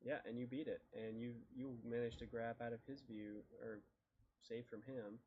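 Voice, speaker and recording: A man running a tabletop game as dungeon master, relaxed and halting, with many fillers and restarts. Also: medium pitch, breathy edge. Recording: dull lo-fi mic.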